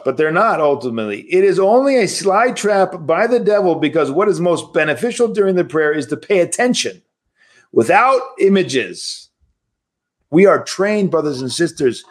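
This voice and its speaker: A man with a slightly higher-than-average voice lectures as a priest. He talks in a loose, conversational way, pressing his points home with emphasis and rhetorical questions. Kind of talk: livestreamed spiritual lecture.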